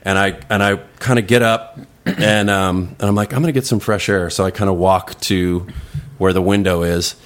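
A man's voice: low-pitched, fairly even intonation, moderate pace. A man telling a long story casually on a podcast, rambling with restarts and putting on voices for the people he quotes. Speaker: podcast guest.

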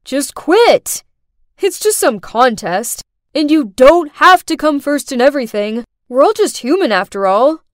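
A woman's voice: high voice, sing-song, a little slow, no room sound, clean studio sound. A woman voicing a laid-back, blunt teenage boy classmate in a storybook narration, with an offhand, breezy delivery. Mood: easygoing.

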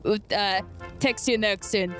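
A woman's voice: mid-range voice, slow, soft background music. A woman playing in a tabletop game, speaking in character with broken, non-native English.

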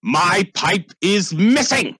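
Guy doing a rich dad losing it, yelling up high. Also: sing-song, slow, husky, no echo, clean studio sound, full character voice. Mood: bellowing. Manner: screaming, raging. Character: furious wealthy father, bellowing.

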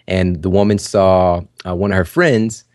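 A man's voice: low-pitched, fairly even intonation, unhurried, darkish tone, dry recording, clean studio sound. A man hosting a podcast, giving casual, encouraging advice straight to his listeners, with lots of "you know" and "like". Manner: conversational, full of "you know" and "like" fillers; encouraging, addresses listeners directly. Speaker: podcast host. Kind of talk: casual motivational talk.

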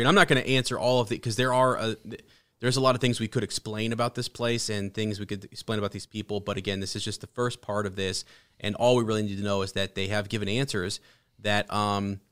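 A man hosting a casual book podcast, chatting in a rambling, halting way with many restarts. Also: lowish voice, fairly bright tone, clear, resonant tone. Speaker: podcast host. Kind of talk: casual book discussion with read-aloud passages.

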